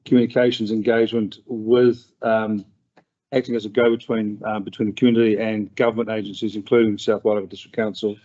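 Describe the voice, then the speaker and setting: Flat-voiced New man reporting. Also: fairly low pitch. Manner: measured, halting report-back. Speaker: community board representative. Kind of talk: council meeting report. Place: council meeting room. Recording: dull lo-fi meeting recording.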